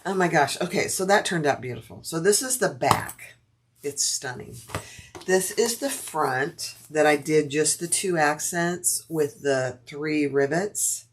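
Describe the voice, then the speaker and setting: A woman's voice: deep voice, a little hiss or hum. A middle-aged woman chatting casually on a sewing livestream, answering viewer comments as she works.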